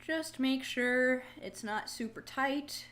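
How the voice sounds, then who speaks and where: A woman's voice: high voice, takes it slowly, fairly bright tone. A young woman hosting a casual livestream, chatting, joking and answering viewer comments as she goes. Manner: laughs easily, jokey asides. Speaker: livestream host.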